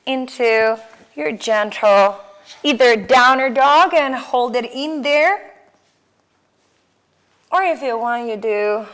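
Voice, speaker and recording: Casting: woman, Mexican accent, yoga teacher, unhurried and clear, slightly high voice. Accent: Mexican Spanish. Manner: slow, calm cueing of breath and poses. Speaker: yoga instructor. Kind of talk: guided yoga class instruction.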